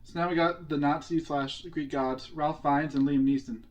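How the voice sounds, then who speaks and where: Quizmaster on a casual podcast; a man with a slightly raised pitch who reads numbers in a matter-of-fact way. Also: steady tone, normal speed, muffled recording. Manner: runs the quiz, reads out numbers. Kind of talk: casual chat, reading out scores.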